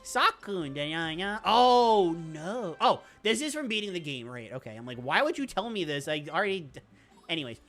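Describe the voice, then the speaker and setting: A speedrunner giving excitable, rambling commentary over gameplay, with quick laughs and self-interruptions. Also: medium pitch, faint music behind. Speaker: speedrunner streamer.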